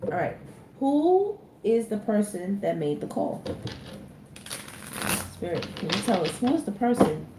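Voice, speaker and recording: A woman's voice: mid-range voice, big pitch swings, a little slow, pauses often. A woman giving a casual tarot reading, chatting straight to her viewers and laughing often as she talks. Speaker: tarot reader. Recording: echoey room with faint ambient noise.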